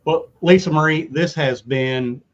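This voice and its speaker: Older male co-host, relaxed and halting, on slightly muffled audio. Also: on the high side. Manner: easygoing, halting with fillers. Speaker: podcast co-host. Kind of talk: casual interview chat.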